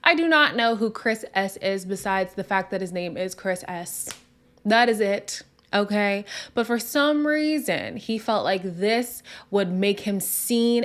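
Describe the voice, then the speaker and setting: A woman hosting a casual reality TV recap, talking in a sassy, conversational way with quick asides. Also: medium pitch, expressive. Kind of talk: casual review monologue.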